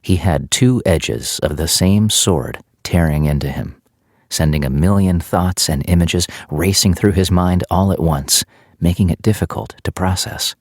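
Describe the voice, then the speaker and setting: A man narrating a thriller audiobook in a steady, measured storytelling manner, close to the microphone. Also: deep voice, no room sound.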